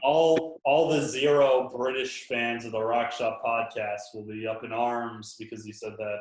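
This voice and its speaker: A man's voice: mid-range voice, steady tone, a little slow. Casual male podcast host, jokey and loose, recorded in a roomy space. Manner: laid-back, joking, lots of fillers. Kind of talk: casual chat.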